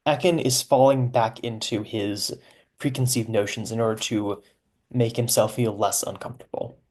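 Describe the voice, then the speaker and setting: A man talking through his own serialized story in a loose, conversational commentary. He sounds amused, breaks into laughs, and drifts into explanatory asides as he goes. His voice sits at an ordinary middle pitch for a man. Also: darkish tone. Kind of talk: casual commentary.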